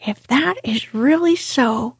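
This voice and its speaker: A woman's voice: on the high side, expressive, takes it slowly, dry recording, exaggerated voice. Sensible, good-natured rat; woman reader, airy near-whisper, dry close recording. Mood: patient. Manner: soft, breathy whispered reading. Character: sensible, reproachful male water rat.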